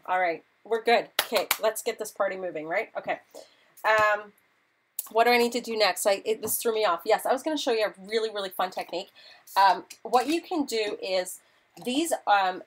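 Woman, 30s, live craft-show host, mid-pitched, chatty and apologetic, a bit flustered. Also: rough recording. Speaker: craft demonstrator.

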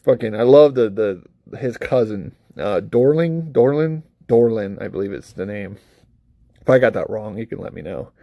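A man vlogs casually and unscripted to camera, rambling and swearing freely, laughing often between thoughts and acting out asides. His lowish voice has a dark tone, lively intonation and normal speed, with no echo. He reviews books and films and is the parent of a young child.

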